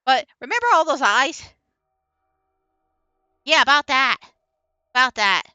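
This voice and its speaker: A woman streamer talks over her gameplay in a rambling, excitable way and breaks into laughter often. Her voice is high and bright, with a smooth, crisp tone. It is recorded close and dry. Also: slow pace, no echo. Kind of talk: casual gameplay commentary. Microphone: voiceover recorded after the stream.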